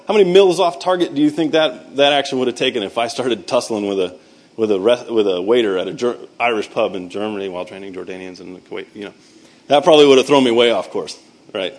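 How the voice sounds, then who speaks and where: A man in his thirties, a military veteran giving a faith talk. He tells animated, self-mocking stories, makes sound effects with his voice, and quotes scripture. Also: medium pitch. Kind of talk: storytelling speech with scripture.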